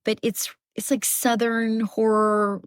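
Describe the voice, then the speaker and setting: Chatty, animated woman narrator. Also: a little high, slow pace, clear, resonant tone, dry recording, studio quality. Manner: chatty and animated, many fillers. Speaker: audiobook narrator and actress, guest. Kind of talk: casual interview chat. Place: Southeast Texas.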